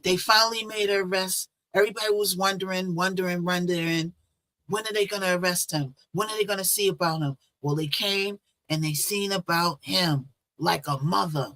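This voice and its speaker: Woman host, bright voice, casual and talky, tosses in rhetorical questions. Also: fairly low pitch, steady tone, moderate pace. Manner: chatty, conversational, rhetorical asides. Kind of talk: casual commentary on a news case.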